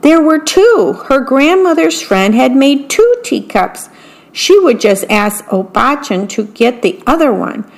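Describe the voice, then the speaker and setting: A woman reading a picture book aloud at a slow, deliberate pace. Her voice sits a little high, and she stops between passages to describe the pictures. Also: lively intonation, vocal fry. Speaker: storyteller.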